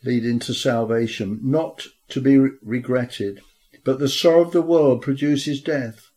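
Male preacher, mid pitch, sermon delivery with scripture reading and rhetorical questions. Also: measured pace, dark tone, low-quality recording. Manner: reads scripture aloud, asks rhetorical questions. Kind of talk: sermon with prayer.

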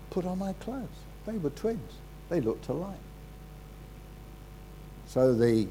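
Slow, low-key preacher man. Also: a little hiss or hum, poor audio. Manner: halting, repeats words, drops low and quiet for serious moments. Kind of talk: sermon storytelling.

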